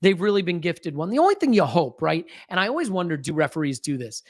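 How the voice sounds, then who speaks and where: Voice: mid-range voice, sing-song, fast talker. A podcast host giving live watch-along commentary on a match, anxious and restless, often restarting sentences and fiddling with a desk microphone.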